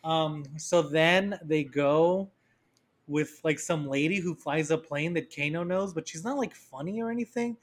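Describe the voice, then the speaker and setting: A man's voice: fairly high pitch, measured pace. Chatty man riffing on a movie. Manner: animated, acts out characters in mocking quoted voices. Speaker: podcast co-host. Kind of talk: casual movie review chat.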